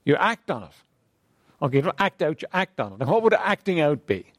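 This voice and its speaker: A man leading a church group in a conversational talk on faith, asking questions of the group and often clearing his throat. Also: a little high, big pitch swings, a little fast, no room sound, studio quality.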